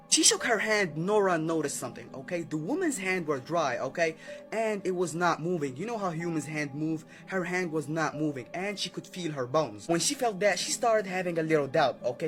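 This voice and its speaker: A man's voice: fairly high pitch, lively intonation, fairly quick, a bit bright, faint music behind. Chatty young man telling a scary story. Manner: chatty, keeps adding "okay?" and "right?".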